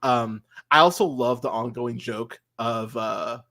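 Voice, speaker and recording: A man co-hosting a movie podcast, chatting casually and rambling excitedly through film scenes with lots of fillers and laughter. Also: mid-range voice, a little slow. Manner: rambling, animated, laughs a lot, many "like" fillers. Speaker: podcast co-host. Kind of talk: casual film review chat.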